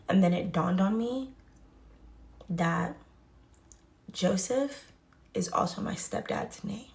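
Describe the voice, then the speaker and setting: This is a young woman with a Southern Houston accent telling a messy personal story in a storytime vlog. Her voice has a noticeable gravelly fry at mid pitch. She keeps it casual and lively, acting out each quoted line. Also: a little slow, pauses often. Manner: animated, acts out the quoted voices, repeats lines for emphasis.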